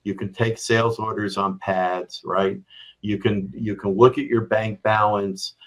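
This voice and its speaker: Unhurried and level in tone, a fairly low, slightly bright male voice explains business strategy as a guest on a remote podcast. The middle-aged or older executive leans on examples and often says "right?", and the audio is poor.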